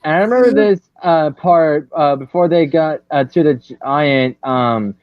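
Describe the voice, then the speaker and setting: A man hosting a casual chat, speaking haltingly with many pauses. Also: on the high side, dry recording. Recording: dry, dull lo-fi mic.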